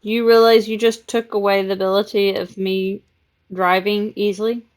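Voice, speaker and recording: A woman's voice: mid-range voice, flat delivery, normal speed, a little hiss or hum. A woman live streamer playing a game and chatting in doting baby talk to her cat. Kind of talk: casual chat while gaming.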